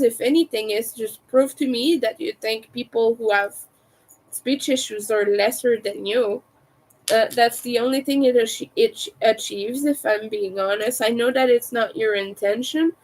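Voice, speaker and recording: French-accented woman streamer, unhurried, slightly high voice, crisp T's. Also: poor audio. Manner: carefully overpronounces her T's. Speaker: crochet livestreamer. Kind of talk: casual livestream chat.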